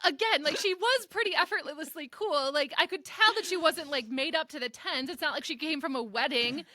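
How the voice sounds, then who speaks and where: A young adult woman co-hosting a podcast, telling a story in an animated, self-deprecating way with lots of fillers. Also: sits high, brisk, no echo, studio quality. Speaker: podcast co-host. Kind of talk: casual chat, storytelling.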